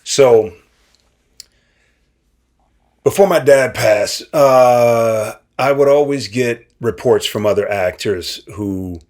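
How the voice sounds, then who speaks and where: A man from Nebraska, a guest actor, telling stories in a casual, animated way and acting out the people he quotes. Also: slow pace. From Nebraska, USA. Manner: animated, acts out quoted voices with big pitch jumps. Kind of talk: casual storytelling.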